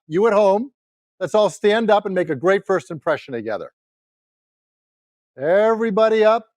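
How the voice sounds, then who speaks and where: Keynote sales speaker, man, fifties, fairly high voice, punchy crowd-rallying delivery, dry sound. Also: no room sound. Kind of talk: motivational keynote to a live audience.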